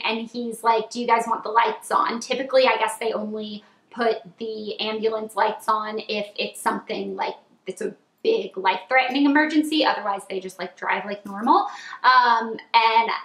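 Chatty twenty-something girl doing a storytime vlog, bright highish voice, bit of room echo. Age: 20s. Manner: chatty, animated retelling with lots of "like" and squealed quoted lines. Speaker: vlogger.

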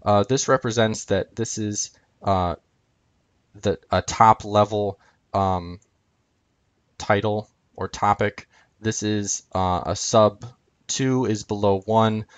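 A man's voice: on the low side, no echo. A man teaching from a chart on screen, talking unscripted with frequent ums and uhs as he walks through each item. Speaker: video lecturer.

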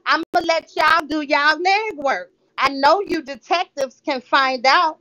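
A woman guest talks back defiantly on a livestream panel, taunting those who doubt her. Her voice is very high and bright. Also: unhurried, no echo, poor audio. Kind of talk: defensive livestream rebuttal.

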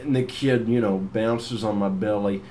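A man's voice: fairly low pitch, steady tone, normal speed, dark tone, slight background noise, lightly acted. A man voicing a scruffy, beer-bellied, self-important guy who narrates in a rambling, meandering way full of false starts. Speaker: cartoon lead and narrator. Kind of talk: rambling storytelling.

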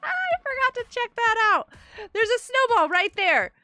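A woman live-streaming a game, chatting excitably with viewers, greeting them by name and often laughing and gasping. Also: extremely high pitch, normal speed, no echo, faint music behind. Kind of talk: live-stream gameplay chat.

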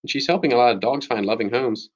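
A man's voice: medium pitch, animated, quick pace, highs cut off, natural voice. A man voicing an earnest, loyal middle-school girl in a read-aloud chapter book. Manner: earnest, pleading.

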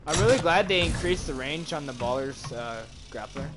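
Gamer dude cussing a lot on a headset mic, voice jumping all over, noisy recording. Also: male voice, fairly high pitch, moderate pace. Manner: excitable, swears a lot. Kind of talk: casual gaming chat over voice chat.

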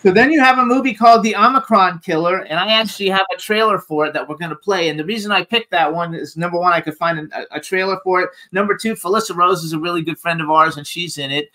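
An enthusiastic male talk show host with a high, bright, forceful voice. He rattles off credits with plenty of fillers in a relaxed chat. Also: quick pace, hardly any pauses, poor audio. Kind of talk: casual interview chat.

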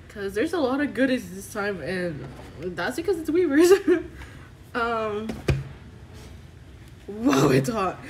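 Excitable woman vlogger, high voice, unhurried gushing delivery. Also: a little hiss or hum, low-quality recording. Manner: excitable, gushing, squeals in delight. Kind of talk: casual unboxing vlog.

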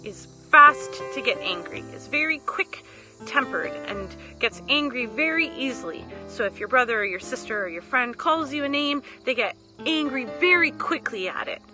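A woman teaching a children's Bible lesson, explaining in simple, gentle words. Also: high-pitched, lively intonation, moderate pace, poor audio. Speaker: Sunday school teacher. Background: music.

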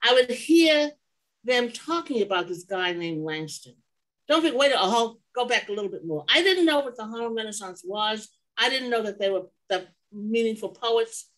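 A woman's voice: a little high, expressive, normal speed, a bit bright, poor audio. An older woman sharing memories as an interview guest, rambling and digressing, often stopping to correct herself. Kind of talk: oral history storytelling.

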